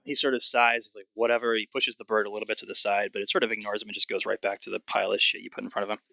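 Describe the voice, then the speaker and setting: A man running a tabletop game, describing scenes in a relaxed, filler-heavy way. His voice is gravelly and bright. The sound is dry and dull, lo-fi. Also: on the low side, racing, dry recording. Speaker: game master.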